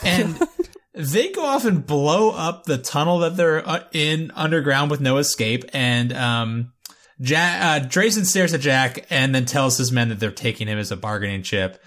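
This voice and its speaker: A man recapping a TV show in a loose podcast chat, his pitch swinging widely as he tells it. He tells the plot with jokes and the odd curse. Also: lively intonation, normal speed, a bit bright. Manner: joking, profane, narrates the plot. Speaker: podcast co-host recapping episodes. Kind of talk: casual chat.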